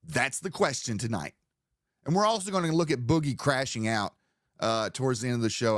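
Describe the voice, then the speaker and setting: A man's voice: mid-range voice, animated, a little fast, no echo, studio quality. A man hosting a live stream, talking in a casual, profane, rambling way as he sets up a commentary segment. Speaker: streamer host.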